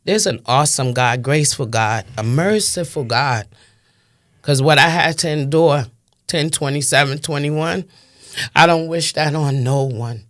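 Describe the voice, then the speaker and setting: With a low-pitched voice, a Brooklyn woman in her fifties testifies in an interview, impassioned and emphatic in her New York accent, repeating phrases for stress.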